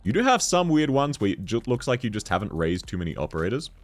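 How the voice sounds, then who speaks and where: Lively joking young male streamer. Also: mid-range voice, fast. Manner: joking, laughs often, reads chat aloud. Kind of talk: casual livestream chat reviewing a game account.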